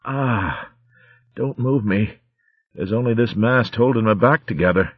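A man voicing a badly wounded female ferret corsair who talks rough sailor slang, in a storybook reading. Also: on the low side, unhurried, no echo, muffled recording, pitched above the performer's own voice. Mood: weak. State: weak and wounded.

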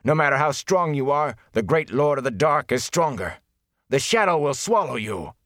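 A man's voice: fairly low pitch, big pitch swings, normal speed, breathy edge, no room sound, clean studio sound, voice pushed up. A man voicing a frightened, desperate male cultist in an audiobook reading, pleading and then venomous.

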